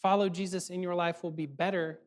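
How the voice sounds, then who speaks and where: Guy preaching to students, super casual, lots of fillers and "okay?" check-ins, animated. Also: high voice, brisk. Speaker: youth ministry speaker. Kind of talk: casual youth sermon.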